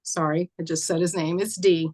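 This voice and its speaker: A woman telling a personal story, halting and acting out a child's voice softly. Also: lowish voice, steady tone. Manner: halting, acts out dialogue softly. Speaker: guest. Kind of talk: emotional storytelling.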